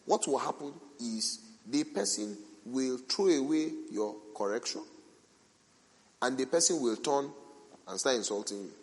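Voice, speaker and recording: Man preaching in an echoing hall. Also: medium pitch. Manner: animated storytelling with rhetorical questions, acting out quoted people. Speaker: pastor. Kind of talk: sermon. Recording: long reverb from a large hall.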